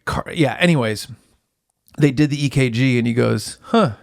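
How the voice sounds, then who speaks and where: A man's voice: medium pitch, moderate pace, vocal fry, no echo. Comedy podcast co-host, male, anecdotal storyteller, dry close sound. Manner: storytelling, acts out quoted people. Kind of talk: casual comedic chat. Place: podcast studio.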